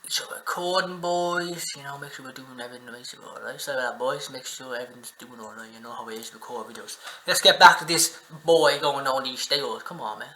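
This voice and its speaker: A man hosting a reaction video, swearing and excitedly talking back at the clip he is watching. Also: mid-range voice, fast talker, hardly any pauses, echoey room, low-quality recording. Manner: profane, excitable, talks back at the screen. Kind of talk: casual reaction commentary. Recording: music playing under the voice.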